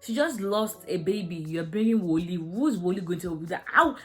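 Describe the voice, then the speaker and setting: Frank woman with a low voice. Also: lively intonation, fairly quick, fairly bright tone, faint music behind. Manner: frank and emotional, many fillers. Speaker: series reviewer. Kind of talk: casual video review.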